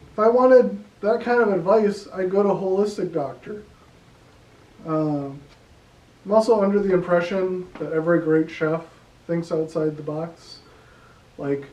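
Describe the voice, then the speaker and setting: A man's voice: fairly high pitch, a little mellow. A young man doing a casual stand-up set, with a rambling delivery full of ums and likes. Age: young adult. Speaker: stand-up comedian. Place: room at home. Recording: echoey room, voice from a distance.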